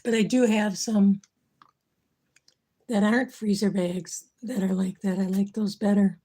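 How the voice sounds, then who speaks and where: A woman hosts a casual kitchen livestream, chatting and thinking aloud as she works while losing her voice and tiring. Her mid-range voice is mellow and husky, with fairly even intonation and a little slow.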